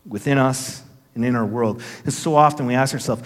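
A man in his fifties preaches to his congregation, drifting between a lively personal story and earnest appeals. His voice sits in an ordinary middle register. The church hall around him rings with a long reverb. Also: medium pitch, fairly quick. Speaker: pastor. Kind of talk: sermon. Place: church sanctuary.

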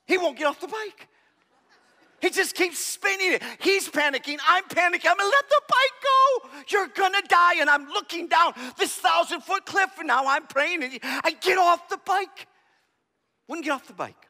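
A man with a very high, piercing voice delivers a sermon in a big hall with long reverb. He tells a story with animation, jumping from shouts to near-whispers. His tone is sharp and bright throughout. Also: moderate pace. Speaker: pastor.

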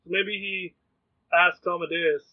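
A man sits in on a tabletop role-playing game, joking as he lays out his character. His voice sits a little high. The sound is thin, like a phone line. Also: steady tone, a little slow. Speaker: player. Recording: phone-like lo-fi audio.

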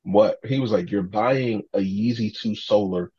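A man, a podcast guest, telling animated stories in casual talk, acting out other people's lines and swearing freely. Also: fairly low pitch, unhurried, slightly rough, no room sound, muffled recording. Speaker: podcast guest, sneaker collector. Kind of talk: casual storytelling.

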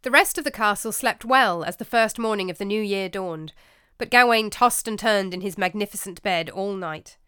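Woman narrator, measured storybook reading, dry close sound. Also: mid-range voice, sharp tone, clear, resonant tone, no room sound.

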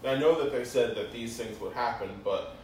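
Laid-back joking man, co-host, mid pitch, roomy distant sound. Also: moderate pace, darkish tone. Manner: laid-back, joking, acts out quoted people. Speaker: podcast co-host. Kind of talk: casual chat. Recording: echoey room, far from mic, faint noise.

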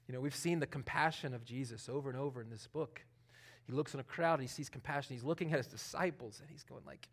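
A man preaching a conversational sermon, talking informally with many fillers and swinging between loud emphasis and hushed asides. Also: mid-range voice, fast talker. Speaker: pastor.

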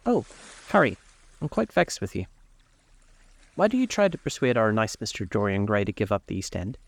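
A man's voice: on the low side, very animated, normal speed, gravelly, no echo. A man voicing a prim, talkative society lady who chides the men around her. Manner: chiding and prim.

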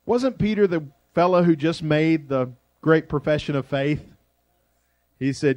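A man preaching a sermon as pastor, shifting between loud emphasis and quiet, drawn-out phrases. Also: fairly high pitch, no echo.

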